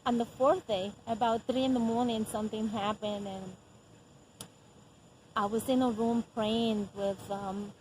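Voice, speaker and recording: A middle-aged woman telling a personal faith testimony as a mother, earnest and unhurried, often pausing with soft laughs. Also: a little high, steady tone, a little hiss or hum, rough recording. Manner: earnest, frequent soft laughs and hesitant "um" pauses.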